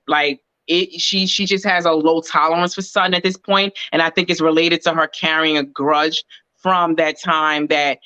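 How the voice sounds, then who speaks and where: A woman chatting casually about reality TV as a podcast co-host, her voice bright and forward. She talks in a relaxed, rambling way, leaning on filler words. The sound is dry and a little dull, like a modest home mic. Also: on the low side, no echo. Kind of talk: casual reality TV recap chat.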